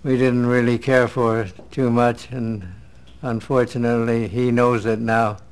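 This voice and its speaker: A man, an actor from a classic TV series, speaking slowly and deliberately in an interview. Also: medium pitch, level tone, smooth. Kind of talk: interview anecdote.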